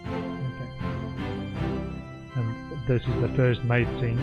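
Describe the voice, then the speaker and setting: A man's voice: medium pitch, little pitch movement, slow, long pauses. A man streaming a game, thinking aloud as he puzzles over clues. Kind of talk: gameplay commentary. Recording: muffled lo-fi sound with faint game music.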